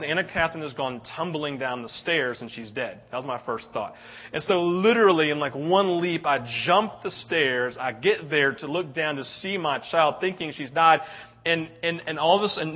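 In a muffled recording, a thirty-something male pastor with a fairly high-pitched voice delivers a sermon. His storytelling is lively, and he frequently checks in with the question "right?"

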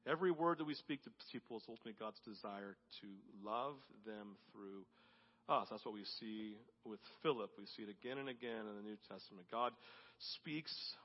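A man preaching a sermon as pastor, rising to loud emphatic peaks and dropping to soft, intimate tones. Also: fairly low pitch, moderate pace. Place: church sanctuary. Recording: dull audio with long hall reverb.

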